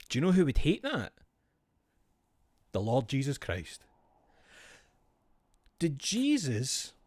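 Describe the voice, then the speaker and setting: A man's voice: medium pitch, a little mellow, no room sound, studio quality. A man streaming, chatting casually in a rambling, profane, jokey way.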